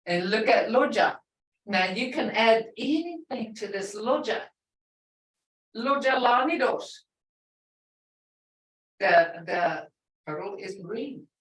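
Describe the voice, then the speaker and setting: A middle-aged woman teaching a live language lesson, repeating words slowly and patiently for her learners. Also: a little high, animated. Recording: echoey room, far from the mic.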